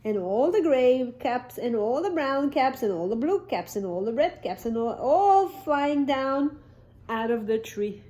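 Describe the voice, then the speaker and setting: A woman preschool teacher reading a picture book aloud to toddlers, animated, with gasps and sudden whispers. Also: high-pitched, a little slow. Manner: animated, gasping, dropping to whispers.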